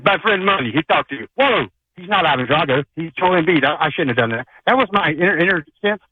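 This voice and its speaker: Male caller, fast-talking rambler, husky voice, overdriven phone-line sound. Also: fairly high pitch, lively intonation, dry recording. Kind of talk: rambling call-in chat.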